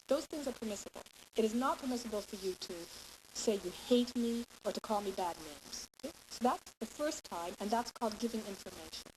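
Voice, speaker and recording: A woman teaching parents in a lecture, laying out her points patiently and pausing to ask "okay?" as she goes. Her voice sits at an ordinary middle pitch. A clear, steady hiss runs under the whole recording. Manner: explanatory, keeps checking in with "okay?". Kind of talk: lecture to a class.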